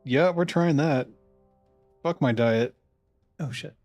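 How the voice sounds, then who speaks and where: A man's voice: mid-range voice, slow pace, darkish tone, no room sound, highs cut off. Guy streaming, rambly and sweary, laughs a lot, dry close sound, faint music behind. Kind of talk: casual chat while ordering food online.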